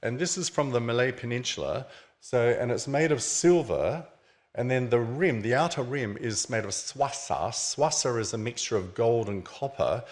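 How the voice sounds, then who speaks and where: A man's voice: mid-range voice, normal speed. A man giving an illustrated lecture at a book launch, explaining objects on his slides in a casual, conversational way. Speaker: author presenting his book. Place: museum event venue.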